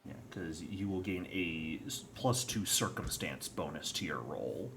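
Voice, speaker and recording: A man with a low voice narrates a tabletop game as its game master. He takes his time over each phrase and lets his pitch rise and fall a lot as he describes the road ahead. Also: lively intonation, creaky, background noise. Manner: unhurried, descriptive.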